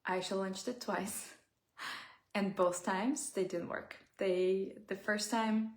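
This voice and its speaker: A woman giving a reflective personal talk as a self-help speaker, heartfelt and often pausing to search for words. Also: mid-range voice, steady tone, reverberant.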